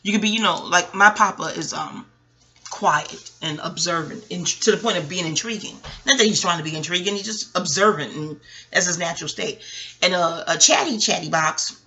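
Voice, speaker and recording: A woman's voice: fairly low pitch, moderate pace, sharp tone. A woman podcast host and astrologer talking in a rambling, digressive chat, swearing freely. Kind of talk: casual chat.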